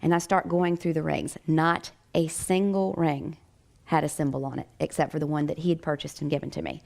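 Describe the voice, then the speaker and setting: An American woman, a chiropractic doctor, telling a personal story in a lively way with frequent laughter. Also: deep voice, fairly quick, creaky.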